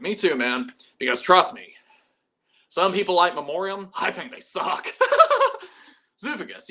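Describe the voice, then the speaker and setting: A man hosts a casual live stream, reading viewer comments aloud and answering in a loose, rambling way, swearing as he goes. His voice sits fairly high and swings widely in pitch. It has a bright, edgy tone. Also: a little slow, long pauses. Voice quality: animated, rambling, swears freely. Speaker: metal YouTube channel host.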